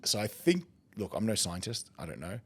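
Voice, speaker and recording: A man with an Australian accent, a podcast guest telling a story in casual chat, lively and quick to laugh. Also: on the low side, husky. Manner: animated, laughing, acts out quoted voices. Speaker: podcast guest, competitive eater.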